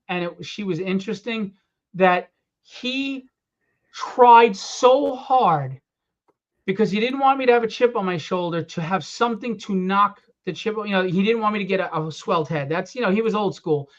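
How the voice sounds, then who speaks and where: A man casually telling animated stories about his comic book writing, acting out what others said. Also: high-pitched, moderate pace. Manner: animated storyteller acting out quotes. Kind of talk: casual storytelling. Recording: dull lo-fi sound.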